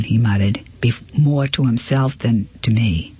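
A man narrating a first-person mystery novel in a steady reading voice, sometimes stumbling and correcting himself. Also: medium pitch, unhurried, husky, lo-fi sound. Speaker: audiobook reader.

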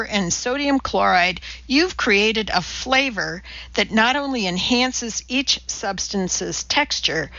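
Woman narrator, deadpan and exact, slow and bright, dry lo-fi audiobook. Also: mid-range voice, dry recording. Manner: deadpan, precise, lecturing delivery. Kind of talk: scripted narration. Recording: dull lo-fi dry audiobook recording.

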